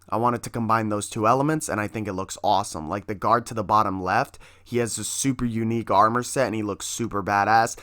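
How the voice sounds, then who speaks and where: A foul-mouthed man pitching his comic with loose, excited energy. His voice sits in an ordinary middle pitch and sounds dry and close to the mic. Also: no room sound. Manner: profane, hyped, swears constantly. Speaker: comic creator promoting his book. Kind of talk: casual promo vlog.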